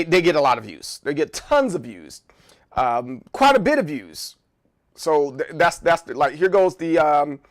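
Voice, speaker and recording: A man streaming live in casual chat, rambling and joking, often repeating words. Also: a little high. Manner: joking, playful.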